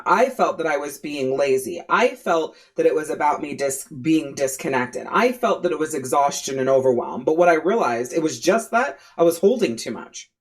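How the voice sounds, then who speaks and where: In a frank podcast monologue, a low-voiced coach and host cuts straight to the point and curses without hesitation. Her loose, conversational style leans on "you know" and "right," and she piles up repeated phrases to hammer ideas home.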